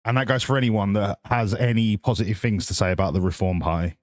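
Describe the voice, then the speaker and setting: A man's voice: on the low side, steady tone, fast, dry recording, clean studio sound. A man streaming a game, chatting casually, swearing and riffing sarcastically while reading chat. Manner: sweary, sarcastic, rambling, reads chat aloud.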